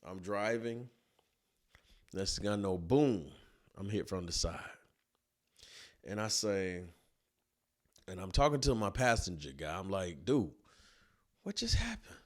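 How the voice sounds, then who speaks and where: A man and business owner telling a personal story in a colloquial, animated storytelling way. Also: low voice, measured pace, pauses often. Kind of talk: storytelling talk.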